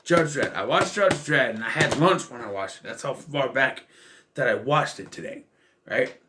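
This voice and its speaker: A man's voice: mid-range voice, expressive, normal speed, bright, forceful tone, a little hiss or hum. A man giving a casual spoken film review, rambling with fillers and restarts, wry and sarcastic. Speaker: movie reviewer.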